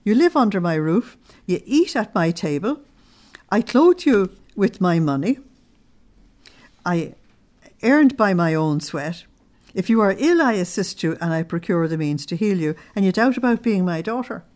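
A woman reading the part of a loving father who gently pleads with his doubting daughter, in a coaxing, lifted voice. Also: mid-range voice, very animated, moderate pace, close to an everyday voice. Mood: tender pleading. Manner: tender, coaxing.

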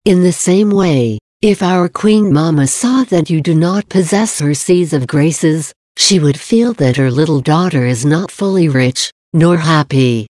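A woman reading the words of Jesus as a gentle, loving male divine speaker, in a measured, earnest devotional reading. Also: sits low, dry recording, studio quality. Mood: tender.

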